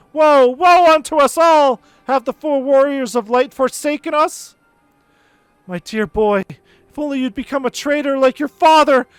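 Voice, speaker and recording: A man's voice: very high-pitched, a bit bright, clean tone, no echo, heavily acted. A man voicing a frail grieving old woman who wails in a folksy dialect, reading game dialogue aloud. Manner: dramatic folksy dialect, wailing.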